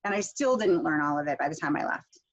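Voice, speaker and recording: A woman's voice: low voice, lively intonation, fast talker. A middle-aged woman teaching a pronunciation workshop online, chatty and explaining with fillers and restarts. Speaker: pronunciation instructor. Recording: muffled lo-fi video call audio.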